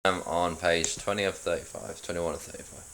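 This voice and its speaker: A man with a very deep voice reads through an old script he wrote. He breaks in with mumbled, self-mocking asides. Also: a little fast, creaky, a bit bright, a little hiss or hum. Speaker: writer reading his old script. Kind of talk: casual script read-through.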